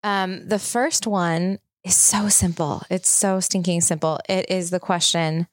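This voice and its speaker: A woman's voice: fairly low pitch, fairly even intonation, unhurried, dry recording, clean studio sound. A woman in her thirties hosting a podcast, telling a personal story in a chatty, open, reflective way. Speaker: podcast host. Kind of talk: casual chat.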